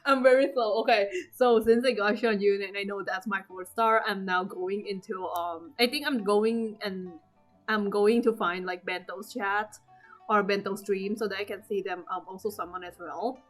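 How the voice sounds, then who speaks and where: A woman recapping her game pulls in casual commentary, excitable and swearing, acting out her own squeals. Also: medium pitch, moderate pace, soft background music. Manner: trails off with fillers and restarts. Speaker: gaming vlogger. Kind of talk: casual gaming commentary over gameplay.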